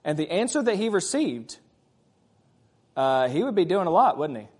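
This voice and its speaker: A man's voice: high voice, sing-song, normal speed, a little mellow, husky. A man preaching a sermon, conversational, with frequent rhetorical questions to the congregation. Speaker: pastor.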